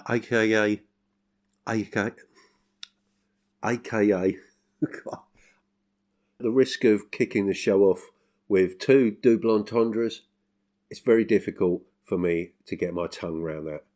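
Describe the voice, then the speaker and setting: A man's voice: on the low side, slow, pauses often, a little mellow. An English man hosting his podcast in a casual, self-mocking monologue, chuckling often. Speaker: podcast host.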